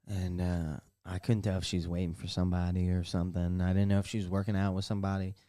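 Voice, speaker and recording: In a low-pitched, dark voice with a flat delivery and quick pace, a young podcast host tells a rambling, profane, self-mocking story. He records this casual solo show from his bathtub at home.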